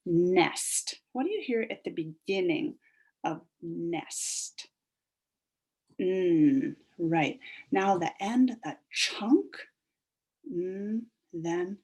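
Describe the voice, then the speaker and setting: A woman teaching a phonics lesson to young children, stretching out sounds in an animated sing-song way. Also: medium pitch, husky.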